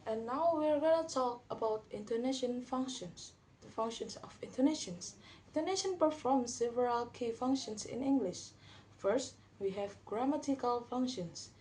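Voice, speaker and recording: A young woman giving a class presentation, reading from notes a little haltingly. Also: on the high side, mellow, a little hiss or hum. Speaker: student presenter.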